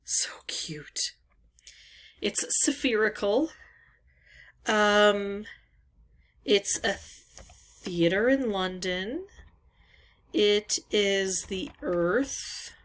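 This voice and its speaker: A woman hosting a word-game channel talks through a puzzle at an unhurried, drawn-out pace. She muses aloud, hesitating and filling gaps with "um", in a voice of middling pitch. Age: adult parent. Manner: musing, hesitant, pauses with "um". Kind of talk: thinking-aloud puzzle talkthrough.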